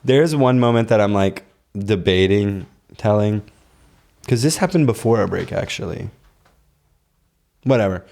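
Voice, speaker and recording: A man's voice: lowish voice, expressive, measured pace, vocal fry, long pauses, a little mellow. A man co-hosting a podcast, teasing and joking in casual chat. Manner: teasing, playful jokester. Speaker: podcast co-host.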